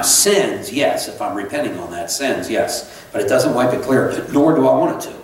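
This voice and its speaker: A middle-aged male pastor delivers a sermon in a chatty, unpolished way, looping back on his phrases and breaking off for asides. His voice rings through a very echoey sanctuary, picked up from some distance away. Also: lowish voice. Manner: conversational preaching with many restarts and asides. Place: church sanctuary. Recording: echoey church from far off.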